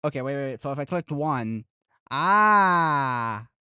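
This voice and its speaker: A young adult streamer in casual live commentary. The voice swings widely in pitch, and the delivery is unhurried and jokey. The recording is dry and close. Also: smooth, no room sound. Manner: excitable, chatty, jokey, addresses viewers as guys. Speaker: streamer reacting to esports races.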